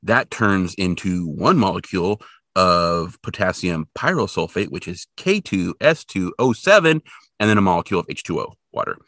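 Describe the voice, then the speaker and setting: A man casually recapping a cartoon episode for a podcast, joking and acting out the characters in squeaky voices. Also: normal speed, no room sound, studio quality. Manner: animated, jokey, acts out characters in high squeaky voices. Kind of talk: casual chat.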